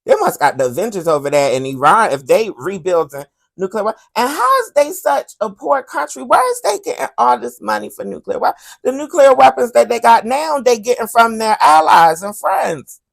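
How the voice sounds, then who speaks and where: A woman hosting a commentary podcast who talks about current events in a sassy, animated way and keeps calling the listener "honey". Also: on the high side, normal speed, creaky, few pauses.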